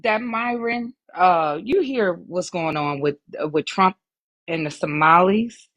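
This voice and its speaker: A woman calling in to a live show, asking rambling questions in a lively way. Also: on the low side, unhurried, no room sound. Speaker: caller. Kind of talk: phone-in question.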